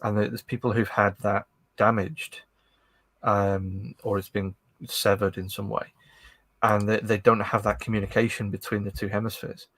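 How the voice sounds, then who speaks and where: Low-voiced man explaining, dry close sound. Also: little pitch movement, moderate pace, a bit bright, no room sound. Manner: explanatory, interjects, stumbles at starts. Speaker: podcast co-host. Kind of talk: casual chat.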